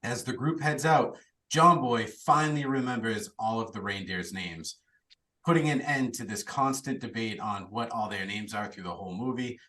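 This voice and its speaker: A man's voice: on the low side, moderate pace, pushed and bright, far from the mic, low-quality recording. A man hosting a podcast, chatty and laughing now and then as he recaps a plot. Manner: chatty, laughs while telling the story. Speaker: podcast host recapping a film.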